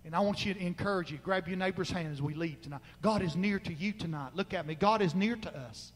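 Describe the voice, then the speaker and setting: A male pastor preaching a fervent sermon, moving between shouted exhortation and quiet, low asides. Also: quick pace, big-room sound, low-quality recording. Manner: fervent, swings from loud crying out to low murmurs. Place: church sanctuary.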